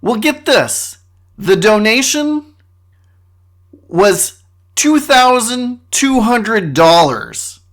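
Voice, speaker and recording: A man's voice: sits high, sing-song, very slow, pauses often, fairly bright tone. A man hosting his own podcast, delivering a comedic monologue with sarcastic, mock-boastful asides. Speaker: podcast host.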